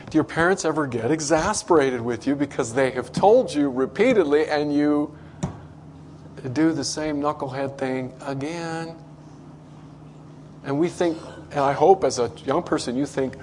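A man preaching a sermon to a congregation in a conversational way, acting out quoted voices with big swings in pitch. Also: measured pace, pauses often, a little hiss or hum. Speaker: pastor.

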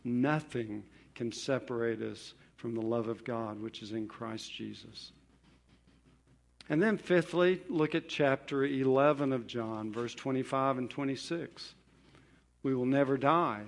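A man preaching a sermon on scripture, emphatic, rising on key points and falling quiet at their close. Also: measured pace, creaky. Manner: emphatic, building to stressed promises then dropping low.

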